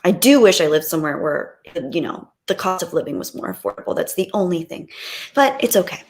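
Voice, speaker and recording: A woman's voice: lowish voice, big pitch swings, brisk. A woman chatting casually on a live stream, rambling reflectively with frequent ums.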